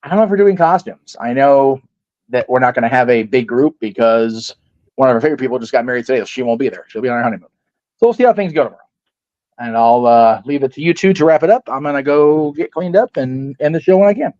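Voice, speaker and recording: A man's voice: medium pitch, expressive, quick pace, a little mellow, dry recording, highs cut off. A man hosting a casual wrestling talk show, rambling and self-deprecating as he wraps up. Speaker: podcast host. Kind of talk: casual chat.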